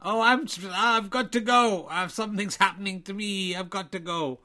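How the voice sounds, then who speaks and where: A man's voice: high voice, moderate pace, sharp tone, voice pushed up. A hammy stage-Irish snooker player, put on by a man in a comic commentary improv. The voice sits well above the performer's own and bounces with overdone jolly patter. The put-on Irish accent keeps slipping into Welsh. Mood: flustered.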